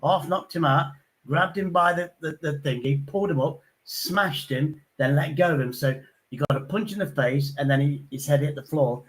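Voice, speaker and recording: A man hosting a casual chat, telling rough pub stories bluntly and acting out the voices of the people in them. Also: fairly high pitch, moderate pace. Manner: blunt, sweary, acts out quoted voices.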